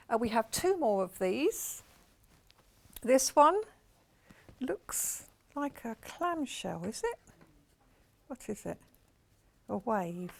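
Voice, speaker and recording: Woman shopping-channel presenter, Portsmouth accent, slightly high voice with a gravelly edge, chatty and gushing, TV studio. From England. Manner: chatty, rambling, gushing over products.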